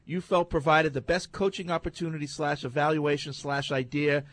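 A man's voice: on the high side, steady tone, normal speed, fairly bright tone, no room sound. A man hosting a casual sports talk show, reading listener emails and teasing his co-hosts.

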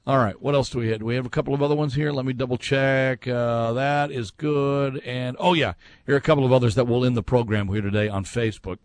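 Medium in pitch and steady in tone, this man talks at a quick pace while hosting a casual sports show. Listener messages get read out, followed by his own opinions in a conversational style.

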